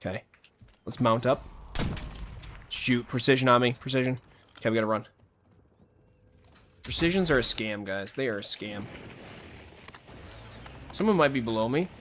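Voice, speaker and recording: A man's voice: medium pitch, normal speed, pauses often, a bit bright, slight background noise. A man chatting casually with viewers on his livestream while he plays a shooter, joking and talking straight to his audience. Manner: chatty, jokey, talks to viewers directly. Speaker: game streamer. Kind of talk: casual livestream chat over gameplay.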